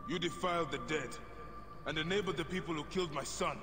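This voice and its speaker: A man's voice: fairly high pitch, quick pace, lightly acted. An actor voicing a stern, vengeful warrior father in a video game, speaking in a cold, accusing tone. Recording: reverberant game audio with loud music.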